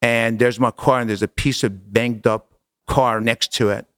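A middle-aged man telling a personal story as an interview guest, animated and casual, acting out dialogue. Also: mid-range voice, a little slow, dry recording. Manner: animated, acts out quoted dialogue, casual slang.

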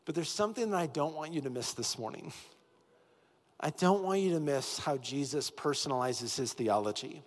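A man's voice: fairly high pitch, lively intonation, moderate pace. A pastor delivering an earnest sermon, repeating key phrases as he builds intensity. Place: church sanctuary with long reverb. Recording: reverberant hall with soft music behind.

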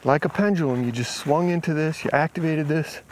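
A man's voice: a little high, fairly quick, slight background noise. A man speaks in an easygoing, conversational way, retelling a talk he had and quoting both sides of it. He is outdoors on a country property, and faint outdoor sounds sit behind his voice. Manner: relaxed, retells conversations with quoted dialogue. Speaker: healing coach. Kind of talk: casual storytelling vlog.

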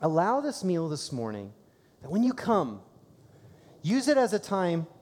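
A man preaching a sermon at a church service, telling stories conversationally and breaking into excited bursts. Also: high-pitched, unhurried. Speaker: pastor. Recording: long hall reverb.

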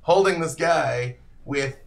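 A man's voice: fairly high pitch, takes it slowly, vocal fry. A man narrating a tabletop game as game master in a casual, descriptive way.

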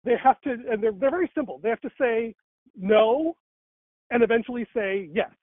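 Rambling man in casual conversation, high voice, tinny phone-line sound. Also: moderate pace, no echo. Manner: rambling, many fillers and restarts.

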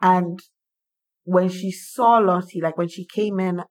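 Animated woman reacting with laughs. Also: on the low side, slow pace. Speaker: podcast guest. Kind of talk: casual chat.

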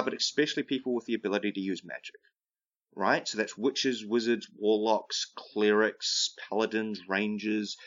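A man's voice: mid-range voice, fairly bright tone. A man giving rambling comedic advice who keeps tagging his sentences with "right?". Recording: dull lo-fi recording.

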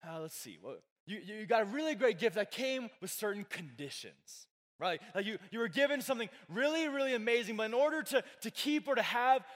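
A young youth pastor with a high, expressive, somewhat bright voice moves briskly through a casual sermon. He's chatty, leans on fillers and jokes with the live crowd, and the church hall adds long reverb.

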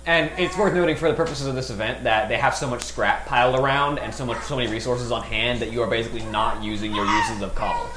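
A man's voice: medium pitch, steady tone, quick pace, hardly any pauses, fairly bright tone, reverberant. A man acting as game master, describing scenes and explaining rules, sometimes making sound effects. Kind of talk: running a tabletop game.

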